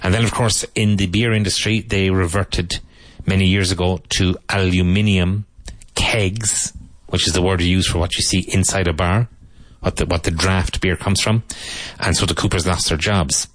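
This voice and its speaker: A man teaching English vocabulary to Spanish speakers, repeating each word slowly and explaining its pronunciation. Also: low voice, steady tone, dry recording.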